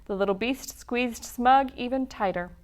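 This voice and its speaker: Reading a children's picture book aloud for library storytime, a woman uses an expressive storytelling style, her voice somewhat high and her pace a little slow.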